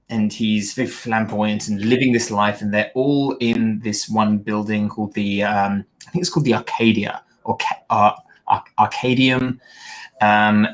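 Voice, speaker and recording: A man co-hosting a podcast, reviewing a show in casual chat, rambling with many pauses and restarts. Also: lowish voice. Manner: mimics characters in quoted lines. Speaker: podcast co-host.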